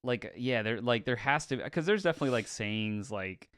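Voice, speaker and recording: A man's voice: mid-range voice, expressive, fairly quick, fairly bright tone, clear, resonant tone, dry recording, clean studio sound. A young man hosting a podcast in casual chat, laughing easily and filling his talk with "like". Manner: laughs easily, lots of filler "like". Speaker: podcast host.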